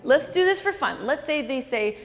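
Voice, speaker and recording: A woman's voice: high-pitched, expressive, moderate pace, big-room sound. A woman author giving an interactive talk to a live audience, quizzing the listeners and repeating their answers back. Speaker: author and speaker.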